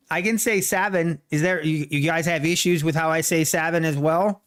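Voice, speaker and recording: A man's voice: a little high, fairly even intonation, fairly bright tone. A man hosting a casual trading livestream, rambling and correcting himself, then playfully defending his speech to chat. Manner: slow, rambling, self-correcting.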